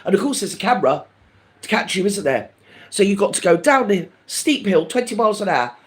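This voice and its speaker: A man's voice: high voice, brisk. An older man hosting a live stream, chatting to viewers in a camp, gossipy way and calling everyone darling. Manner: lively and animated, swinging up and down. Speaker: livestream host. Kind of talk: casual chat with live viewers.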